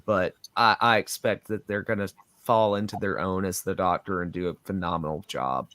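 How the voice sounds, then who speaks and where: A man co-hosting a casual review podcast, speaking in an earnest, measured and thoughtful way. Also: low-pitched, steady tone, fairly bright tone. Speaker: podcast co-host.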